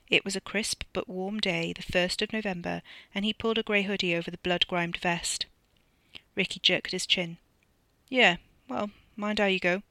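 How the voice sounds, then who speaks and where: Gravelly, bright-voiced author narrating. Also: mid-range voice, no room sound. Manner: measured storytelling. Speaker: author reading own novella. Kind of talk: scripted narration.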